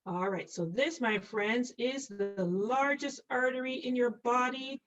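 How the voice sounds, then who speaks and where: In distant, dull lo-fi audio, a woman with a slightly high voice teaches an online nursing class at an unhurried pace. She draws as she lectures, jokes self-mockingly about her drawing, and playfully calls on students by name with questions.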